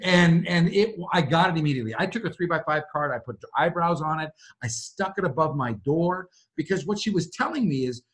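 Animated man telling stories. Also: on the high side, a little fast, hardly any pauses. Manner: animated, acts out quoted voices. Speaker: guest. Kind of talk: conversational storytelling.

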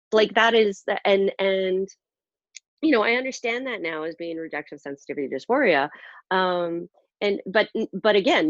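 A woman's voice: fairly low pitch, no echo. Woman, casual storyteller, rambling and self-deprecating, muffled dry audio. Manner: rambling, self-deprecating, many fillers and restarts.

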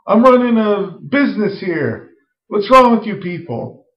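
A man voicing a gruff, exasperated pizza shop owner and father who yells at his staff. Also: high voice, lively intonation, a little slow, voice pushed up. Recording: roomy, dull lo-fi recording.

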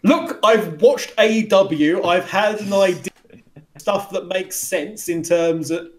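Man, podcast co-host, rambly, a touch high. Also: slow. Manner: rambling, frequent restarts and laughs. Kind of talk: casual chat reviewing wrestling.

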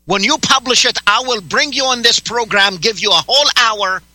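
A male radio host with a very high, sharply bright voice, firing sarcastic demands and cutting in over a caller. The studio sound is close and dry, with no room echo. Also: moderate pace. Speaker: radio talk show host. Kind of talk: heated on-air argument with a caller.

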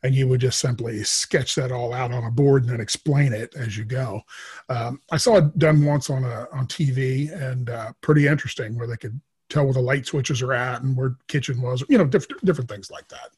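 A middle-aged man speaking as a podcast guest, telling rambling stories full of filler pauses. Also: medium pitch, darkish tone, breathy edge. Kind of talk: casual storytelling interview.

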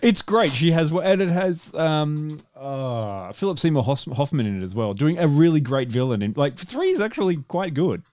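A man's voice: a little high, normal speed, hardly any pauses. A man co-hosting a podcast, chatting casually and laughing a lot. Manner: animated, laughs a lot, rambling. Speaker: podcast co-host. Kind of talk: casual chat.

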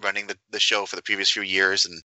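A man's voice: low-pitched, flat delivery, fast, pushed and bright, dry recording, rough recording. A man co-hosting a casual podcast, laid-back and dry in his remarks. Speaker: podcast co-host.

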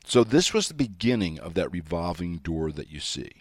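A man's voice: low voice, very animated, normal speed, breathy edge, no echo, studio quality. A middle-aged man hosting a talk show, delivering an emphatic monologue with sarcastic asides and spelled-out words. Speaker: show host.

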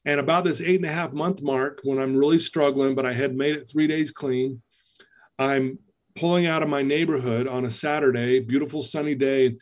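A man guest on an interview podcast, speaking at an ordinary middle pitch. He tells a personal story earnestly, with plain emotion in his voice. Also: steady tone, normal speed.

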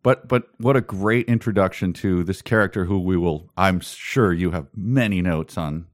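Low-voiced wry man, dry sound. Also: moderate pace, no echo. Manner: wry and joking, laughs often. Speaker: podcast co-host. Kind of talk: casual chat reviewing a book.

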